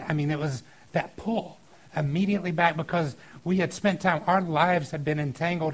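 Recorded in low quality, this sermon comes from a middle-aged man preaching as a pastor, his voice slightly high. He speaks earnestly and conversationally, occasionally becoming animated and loud.

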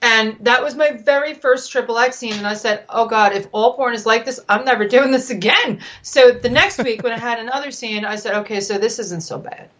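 A woman, a regular guest on a talk show, chatting candidly and telling lively stories. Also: fairly quick, hardly any pauses. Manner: animated storyteller, swoops high when excited. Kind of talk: candid casual chat.

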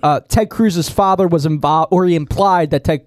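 A man's voice: on the high side, normal speed, dry recording, studio quality. A young man co-hosting a podcast in casual chat, rambling with many likes and restarts. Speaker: podcast co-host.

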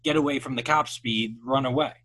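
A young man in casual podcast chat, explaining things in an animated way. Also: mid-range voice, fairly quick. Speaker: podcast guest.

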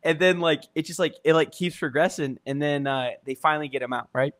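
Animated young man spinning a story. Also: on the high side, fairly quick. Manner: animated storytelling, acts out scenes with sound effects and shouts. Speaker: co-host. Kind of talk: casual brainstorming chat.

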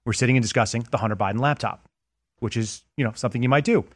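A man's voice: mid-range voice, racing, dry recording, clean studio sound. A man who is a former federal agent, a guest in a casual interview, explaining things with anecdotes and analogies.

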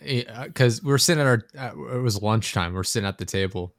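A man's voice: medium pitch, brisk, no room sound, studio quality. A young man in casual chat, laid-back and swearing freely as he tells stories and acts out quotes.

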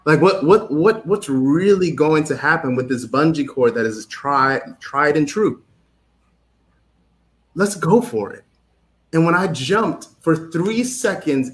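A man telling a story in a casual, animated way, acting out what people said and laughing often. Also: fairly high pitch. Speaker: guest. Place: home setup with clip lights.

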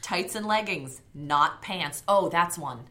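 A woman's voice: on the low side, expressive, slow, bright, forceful tone. A woman in her thirties co-hosting a podcast in casual chat, blunt and swearing freely. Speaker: podcast co-host.

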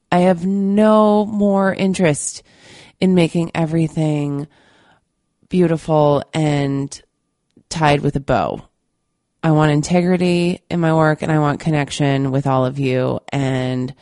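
Low-voiced, stuffy woman podcast host. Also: darkish tone, dry recording, studio quality. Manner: candid and earnest, with many fillers. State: stuffy from a cold. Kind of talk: casual monologue to listeners.

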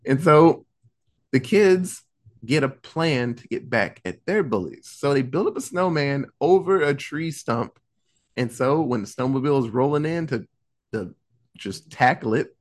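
Casting note: young male podcast host, lively swooping delivery, profane, acts out characters mid-recap. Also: mid-range voice. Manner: animated, profane, acts out characters in quick asides. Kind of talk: casual storytelling recap.

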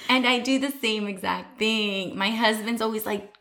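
A woman in her thirties chatting on a podcast, her voice slightly high. She talks loudly and animatedly, laughing through her stories. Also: normal speed. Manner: loud, laughing, animated storyteller. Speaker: podcast co-host. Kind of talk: casual chat.

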